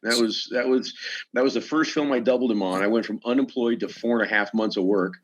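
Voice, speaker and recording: A man's voice: mid-range voice, fairly quick, lo-fi sound. A man who works as a stuntman, a podcast guest telling casual stories and acting out the quoted lines in them. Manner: animated, acts out quoted dialogue in the story.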